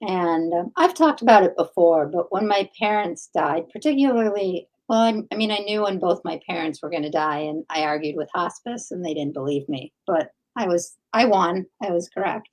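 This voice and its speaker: Earnest woman with a lowish voice. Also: animated, normal speed, hardly any pauses, a little mellow, rough recording. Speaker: podcast co-host. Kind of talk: casual chat.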